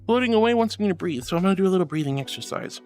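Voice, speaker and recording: A VTuber streamer chatting with viewers live, affectionately calling them honey and sweetheart, moving between soft reassuring advice and high excited thanks. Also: rapid-fire. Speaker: VTuber livestreamer. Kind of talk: casual livestream chat reading and pep talk. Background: faint music.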